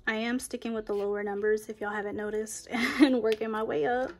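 A woman's voice: fairly high pitch, little pitch movement, fairly quick. A young woman, chatting casually while counting cash for her budget. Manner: counting bills aloud, chatty and upbeat. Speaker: budgeting vlogger. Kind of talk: casual cash-stuffing chat.

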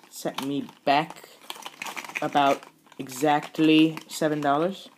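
Slow-talking young man reviewing a model car. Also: medium pitch, darkish tone, a little hiss or hum. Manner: rambling, self-mocking, chatty with fillers. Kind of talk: casual hobby review.

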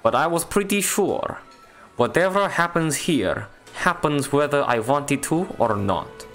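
A man's voice: a little high, animated, measured pace, a bit bright, faint music behind. Man reading a game in a mock Russian accent. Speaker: let's play host. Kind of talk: reading a visual novel aloud.

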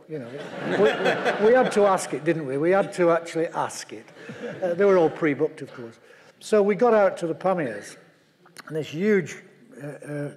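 An older man from England, telling a halting, chuckling anecdote on stage at a memorial event. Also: fairly high pitch, a little mellow. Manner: chuckling, halting, full of fillers. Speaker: mountaineer speaker at memorial event. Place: large lecture hall. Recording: hall with long reverb.

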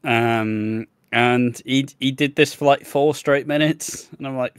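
A man's voice: medium pitch, steady tone, measured pace, hardly any pauses, clean tone, dry recording. A young man chats casually as a podcast co-host, telling rambling stories full of profanity and laughing at himself. His voice sits in a middling register. The sound is dry and close, with no room behind it. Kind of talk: casual chat.

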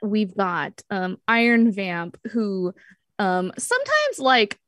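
A woman's voice: mid-range voice, huge pitch swings, slow pace, fairly bright tone, no echo, clean studio sound. A woman narrating a tabletop game as game master, casual and full of fillers.

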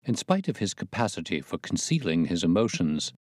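A male narrator reading a classic tale in a measured, steady voice. His tone is very deep, and the recording is dry and close, with no room sound. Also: husky, dry recording. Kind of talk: scripted audiobook narration.

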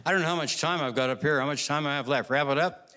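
A man telling stand-up jokes on a stage with quick punchlines. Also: fairly high pitch, bright, forceful tone, a faint crowd, a little hiss or hum. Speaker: stand-up comedian. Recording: long hall reverb.

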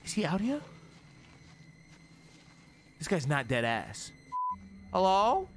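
Jumpy, high-voiced young streamer with wild swings. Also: male voice, wildly swooping pitch, takes it slowly, pauses often, noisy background. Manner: jumpy, swearing, talks to chat as "gang"; drops to a hushed whisper when scared. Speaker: gaming streamer. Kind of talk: live horror game commentary. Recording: game music audible behind.

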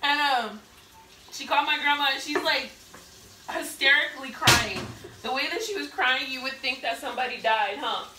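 Animated high-voiced woman telling a story. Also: normal speed, noisy background. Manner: animated, laughing, acts out quoted people loudly. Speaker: vlogger. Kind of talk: casual storytelling. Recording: echoey room, mic at a distance.

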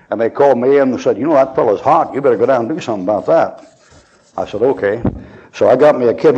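A man preaching a sermon, telling folksy stories and acting out the other people's lines. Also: medium pitch. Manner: folksy, animated storytelling with quoted voices. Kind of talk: storytelling sermon. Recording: dull lo-fi archival sermon tape.

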